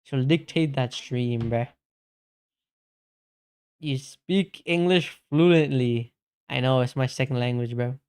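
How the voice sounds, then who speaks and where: A man's voice: mid-range voice, slow pace, long pauses, a little mellow, clear, resonant tone. A man streaming casually, chatting slangily and calling everyone bro while answering his chat.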